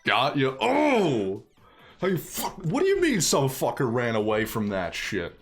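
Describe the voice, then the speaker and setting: A man's voice: mid-range voice, wildly swooping pitch, moderate pace, soft background music. A man streaming a video game, joking and swearing casually as he reacts and reads along. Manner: swears freely, laughs at the game. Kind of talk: casual gameplay commentary.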